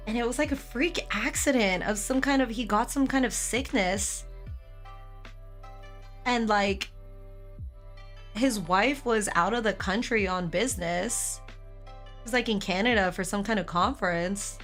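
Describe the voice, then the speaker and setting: A young woman streamer telling a family story in casual chat to her live chat, animated, laughing often and swearing casually, her voice a bit hoarse from karaoke. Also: fairly high pitch, moderate pace, faint music behind.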